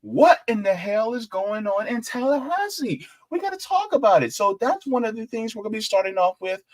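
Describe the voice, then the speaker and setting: A man hosting a live-stream politics show, chatting casually, animated and jokey as he reads out the chat. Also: high voice, a little fast.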